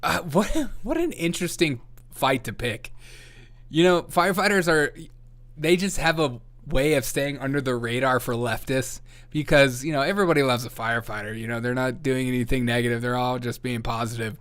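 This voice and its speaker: A man's voice: medium pitch, moderate pace, fairly bright tone. A man hosting a comedy news show, delivering satirical commentary in a sarcastic, mocking rant.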